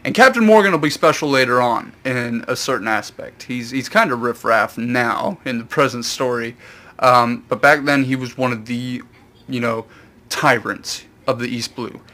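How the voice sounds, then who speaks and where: A man casually retelling a manga chapter in a rambling, animated way, with quick put-on voices for the characters. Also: mid-range voice. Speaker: YouTube host.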